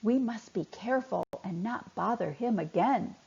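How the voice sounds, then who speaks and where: A woman doing a plucky boy fish, raised, breathy, muffled lo-fi sound. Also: medium pitch, normal speed. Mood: worried. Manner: urgent, shouting warnings. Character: young male fish, bold leader. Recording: dull lo-fi recording.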